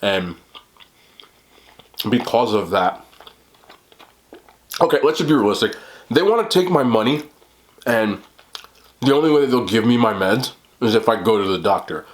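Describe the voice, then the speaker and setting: A man's voice: medium pitch, lively intonation, moderate pace, pauses often. A tired man from New York rambling casually to his camera at home late at night, chatty and self-deprecating, laughing often. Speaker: mukbang vlogger.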